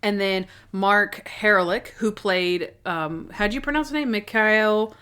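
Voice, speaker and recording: Woman co-host, casual and chatty, rambles with quick asides, mid-range voice. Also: medium pitch, lively intonation, pushed and bright, clear, resonant tone. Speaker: podcast co-host. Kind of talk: casual chat.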